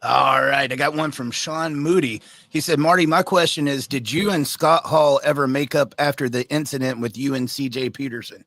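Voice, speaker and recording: A man's voice: medium pitch, fairly even intonation, normal speed, hardly any pauses, fairly bright tone, no room sound. Man host reading out listener questions. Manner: reads listener questions aloud. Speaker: podcast host.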